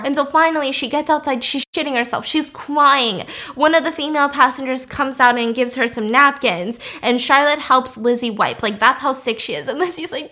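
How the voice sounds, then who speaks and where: A young woman casually retelling a movie plot, acting out each character's lines with lively swings and swearing. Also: high-pitched, fairly quick, few pauses. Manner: animated, acts out characters' lines, laughs and swears.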